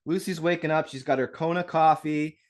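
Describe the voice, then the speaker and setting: A man hosting a live real estate webinar, talking in an energetic, upbeat way straight to his audience over a video call mic. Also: a little high, fairly quick. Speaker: webinar host.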